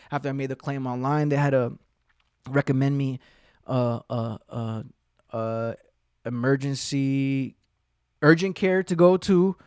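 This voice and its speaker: Recorded with no echo at studio quality, this man's voice is a little high, a little mellow, clear and resonant. He's the host of his own podcast, spinning a rambling, very profane yarn and acting out people's lines as a casual monologue.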